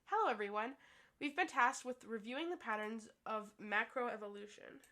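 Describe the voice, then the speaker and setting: A prim, know-it-all teenage girl from a game story, as a woman reads her. She speaks formally and lectures, in a somewhat high voice. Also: moderate pace, pushed and bright. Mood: lecturing.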